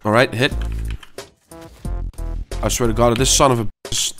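A man's voice: mid-range voice, fairly even intonation, a little slow, fairly bright tone, soft background music. A man in his twenties at home, swearing and ranting in frustration while commenting on his own gameplay. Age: 20s. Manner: angry, swearing, frustrated muttering. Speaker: gaming channel host.

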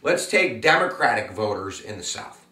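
A man's voice: fairly low pitch, big pitch swings, normal speed, pushed and bright, reverberant, distant mic. A man giving a casual, jokey classroom lecture with plenty of fillers. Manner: chatty, jokey, full of fillers. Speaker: teacher.

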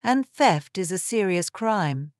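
A stern security chief lays out the rules in a formal, curt manner, as a woman narrator reads him. The voice stays at her usual pitch, smooth and clear, with a dry, close sound. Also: expressive, slow, darkish tone, no room sound. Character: stern male head of airport security.

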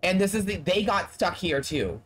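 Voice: medium pitch, big pitch swings, moderate pace, fairly bright tone, breathy edge. Profane, exasperated game streamer. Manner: profane, exasperated running commentary. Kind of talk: casual live-stream gameplay talk.

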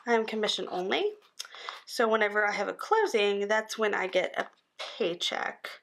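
A tired woman in her thirties chatting casually as she fills in a planner, rambling and dropping into soft asides under her breath. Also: medium pitch, lively intonation, moderate pace, creaky, slight background noise. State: tired, yawning. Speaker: planner vlogger. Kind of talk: casual chat while planning.

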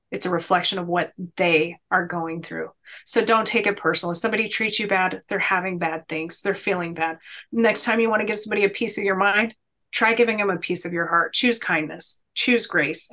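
A woman's voice: mid-range voice, a bit bright. A woman in her thirties, a podcast guest, telling stories in an earnest, emphatic, motivational way. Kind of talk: conversational storytelling.

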